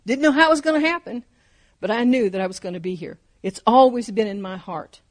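A woman's voice: on the high side, brisk. A woman in her fifties or older preaching a sermon, fervent and emphatic, driving her points home with repeated phrases.

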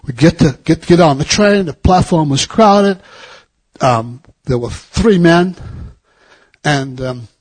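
A middle-aged man with a husky, slightly raised voice preaches to his congregation. He tells a personal travel story in an easy, anecdotal way, then presses his point home with fervent repeated questions. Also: on the high side, takes it slowly. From United States. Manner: anecdotal, rising to fervent exhortation. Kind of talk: storytelling sermon.

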